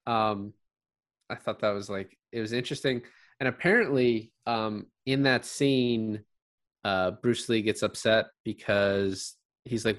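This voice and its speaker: In a clean, dry studio recording, a man with a lowish voice talks a little slowly as a podcast co-host. His casual chat about a film rambles along, and he animatedly voices the characters' lines as he retells it.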